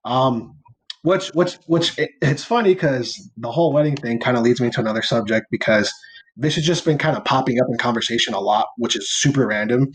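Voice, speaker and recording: A young podcast co-host with a mid-range voice talks fairly quickly, telling a loosely structured story in casual chat. He's playful and easygoing, curses casually, and keeps reaching for "like" and "or whatever."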